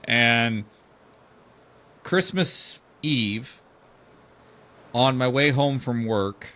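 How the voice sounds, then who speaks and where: A middle-aged man on a podcast spins a casual family story in a bright, forceful voice. He swears freely and jumps into animated quoted voices as he goes, sitting at an even middle pitch for a man. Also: very slow. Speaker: podcast host.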